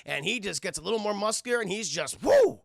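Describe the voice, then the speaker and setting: Man, streamer, casual recap, profane, rambling, very gravelly voice, dry close sound. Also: high voice, animated, fast talker, bright, forceful tone, dry recording. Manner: profane, rambling, addresses chat constantly. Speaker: streamer and cartoon reviewer. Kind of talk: casual episode recap to live chat.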